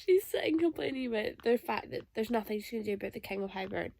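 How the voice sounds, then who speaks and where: A woman's voice: a little high, animated, fast talker, vocal fry, a little mellow. A young woman vlogging emotional reactions aloud as she reads a novel. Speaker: booktuber reading a novel. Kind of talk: casual reading vlog reactions.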